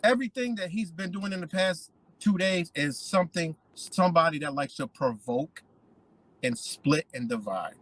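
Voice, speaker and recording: A man's voice: a little high, expressive, normal speed, a bit bright, dry recording, rough recording. A man hosting a commentary video, ranting in a heated, profane, repetitive way. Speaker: commentary channel host. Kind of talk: casual profane rant.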